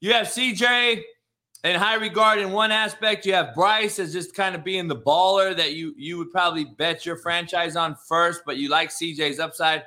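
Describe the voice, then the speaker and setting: A man's voice: sits high, steady tone, moderate pace, bright, forceful tone. A man hosting a casual sports talk show, laid-back, swearing freely and restarting his sentences. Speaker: podcast host.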